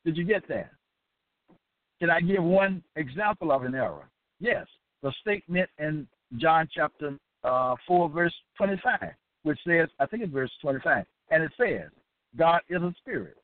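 A man's voice: on the high side, sing-song, moderate pace, no echo. A man delivering a preaching lecture, firing off repetitive rhetorical questions and tagging lines with "okay?". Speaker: religious teacher. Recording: tinny dry phone-line sound.

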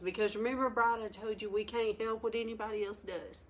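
A woman leading a Bible study, exhorting her listeners emphatically with sharp rises in pitch. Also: steady tone, fairly quick, hardly any pauses. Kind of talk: lively Bible teaching.

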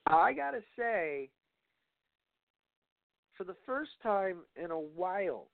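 Young male podcast host, loose and profane, slightly high voice, thin phone-quality sound. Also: big pitch swings, takes it slowly, gravelly, no room sound. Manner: loose, rambling and profane, with playful asides. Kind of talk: casual wrestling podcast talk. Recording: tinny phone-like sound, dry.

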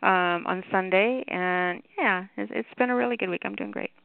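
A woman hosts a call-in radio show, her voice carrying a gravelly fry. She chats casually and giggles easily with her callers, everything coming through a tinny, dry phone line. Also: mid-range voice, moderate pace, no echo. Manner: warm, giggly, chatty with callers.

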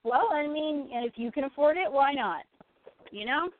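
A woman's voice: sits high, expressive, moderate pace. A woman co-hosting a casual chat, yawning often and apologizing for being tired. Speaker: co-host of a toy collecting show. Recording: phone-like narrow audio.

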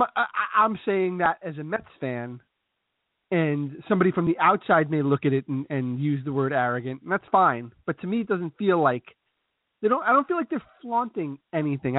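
Man, sports podcast co-host, high voice, measured and thoughtful, tinny, dry. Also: no echo. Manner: measured, reasoning, repeats starts. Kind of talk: casual sports chat. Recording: dry tinny phone-like sound.

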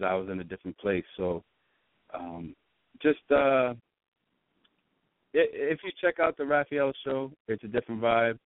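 A man with a Boston accent talks in a relaxed, rambling way, often restarting his sentences. His voice sits low. The sound is dry and thin, like a phone line. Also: no room sound. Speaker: guest, radio show host. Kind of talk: casual interview chat.

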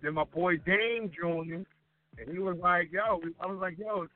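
A man telling a casual story in chat, animated and acting out the voices of the people he quotes. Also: high-pitched, measured pace. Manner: animated, acts out quoted lines. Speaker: guest DJ. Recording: tinny phone-line sound with faint music.

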